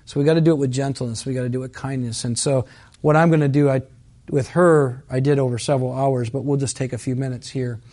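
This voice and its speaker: A man's voice: mid-range voice, steady tone, quick pace, warm tone. A man preaching a sermon as pastor, telling a personal story in an earnest, conversational way that builds to emphatic peaks.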